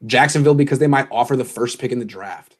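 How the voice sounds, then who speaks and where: A man's voice: mid-range voice, quick pace. A man hosting a casual sports podcast, rambling and restarting his thoughts. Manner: loose, rambling, restarts a lot. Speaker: host.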